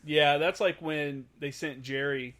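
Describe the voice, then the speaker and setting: A man's voice: a little high, fairly even intonation, measured pace, a bit bright. A man hosting a casual podcast interview, talking bluntly with plenty of swearing and repeated words. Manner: blunt, profane, repeats words while thinking. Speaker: podcast host.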